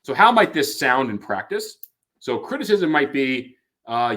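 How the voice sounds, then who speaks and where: A man's voice: medium pitch, very animated, unhurried, pushed and bright. A man giving an explanatory talk on couples therapy, acting out quoted lines and often restarting his sentences. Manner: acts out quoted lines, frequent restarts and fillers.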